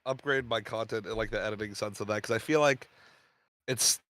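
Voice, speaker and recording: A man's voice: on the low side, fairly quick, a bit bright, dry recording. A young man, a guest creator, chatting casually and rambling with lots of fillers. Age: young adult. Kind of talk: casual chat.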